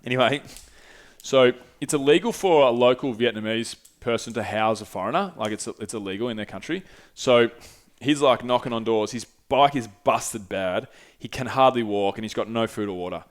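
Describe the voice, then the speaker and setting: A man's voice: mid-range voice, moderate pace. A young man casually telling a travel story, laid-back and swearing freely as he acts out what people said. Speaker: podcast host.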